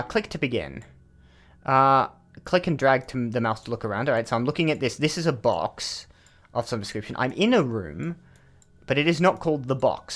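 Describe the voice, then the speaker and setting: An Australian man talks through a puzzle game in a relaxed let's-play, thinking aloud and trailing off into fillers. His voice sits at an ordinary middle pitch. Faint music plays behind him. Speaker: gaming channel host. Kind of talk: casual let's-play commentary.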